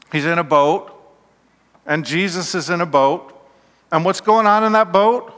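A man preaching a sermon slowly and emphatically, his voice falling to a hush at key points, in a church. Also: sits high. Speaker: pastor. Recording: long reverb of a hall.

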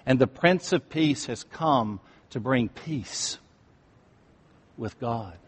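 A man preaching a sermon, swinging from loud declarations to near-hushed, solemn asides. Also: medium pitch, expressive, slow pace, slightly rough. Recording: long reverb of a large hall.

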